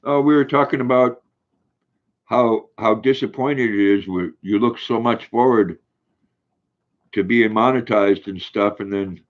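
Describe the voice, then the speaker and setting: Rich: An older man with a low voice chats his way through a home live stream, rambling from one story to the next and laughing easily. The sound is dull and lo-fi. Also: a little slow. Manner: rambling, reads viewer comments aloud, chuckles often. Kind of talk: casual live stream chat.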